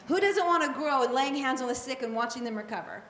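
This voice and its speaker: Woman preacher, high voice, animated and conversational, in an echoey room. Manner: animated and conversational, with quick asides and repetition. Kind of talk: sermon.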